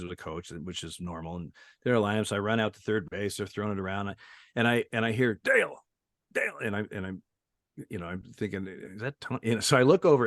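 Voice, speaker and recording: An older man in his sixties tells stories with frequent chuckles and restarts. He sounds like a retired umpire on an interview. His voice is low-pitched and recorded dry with no room sound. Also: no echo. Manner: chuckling storyteller with many restarts. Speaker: retired baseball umpire, guest. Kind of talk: casual anecdote telling in an interview.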